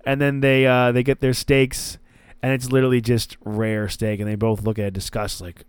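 A man's voice: mid-range voice, monotone, normal speed, clean tone, no echo. A young man hosting a casual wrestling podcast, rambling with restarts and acting out quoted lines. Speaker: podcast host.

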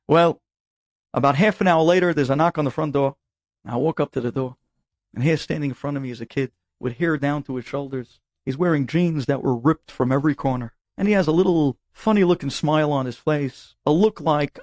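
An animated man tells a personal story, leaning into the dialogue with lively emphasis. His voice is on the high side for a man. The sound is dry and close, with no room around it. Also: brisk, no echo. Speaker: rabbi and storyteller.

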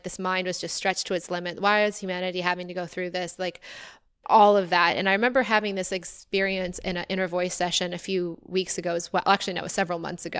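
A woman hosting a solo podcast, talking in a soft, earnest, reflective way about spiritual matters. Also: lowish voice, clean tone. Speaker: podcast host.

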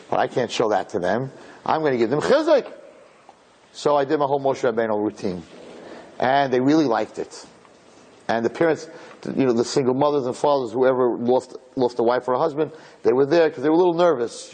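A man, a rabbi, giving an inspirational talk to an audience, telling a story with lively acted-out dialogue and Hebrew and Yiddish terms. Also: mid-range voice, slight background noise. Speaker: rabbi and speaker.

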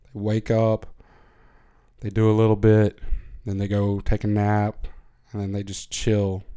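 A man with a wry, deadpan way of joking, talking casually in a monologue with frequent fillers. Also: on the low side, a little slow, smooth. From United States. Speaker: vlogger.

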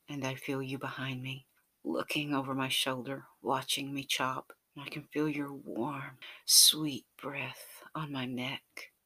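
Romantic audio story narrator, soft, intimate, breathy whispers, mid pitch.

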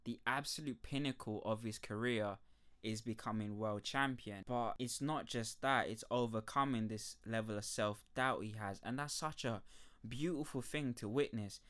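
Speaking at normal speed in a mid-range voice, a young man hosts a podcast and wanders through a casual review. He swears, rants with energy, and laughs frequently.

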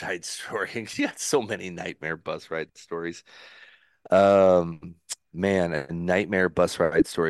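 A man in his forties, a former pro pitcher, telling stories as a podcast guest and laughing along. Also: no echo, studio quality. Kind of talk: casual storytelling.

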